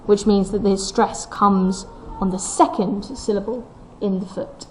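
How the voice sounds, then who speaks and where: A woman giving a recorded poetry lesson, her voice pitched in an ordinary middle range. She explains a step at a time, opening points with "so" and asking rhetorical questions. She reads the lines aloud, leaning on the stressed beats, and a faint noise sits behind her. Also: fairly even intonation, measured pace, low-quality recording. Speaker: English teacher.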